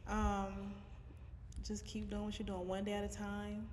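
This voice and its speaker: A middle-aged woman, a grandmother, giving quiet short answers as a podcast guest. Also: mid-range voice, monotone, a little slow. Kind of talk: casual chat. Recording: roomy reverb, faint noise.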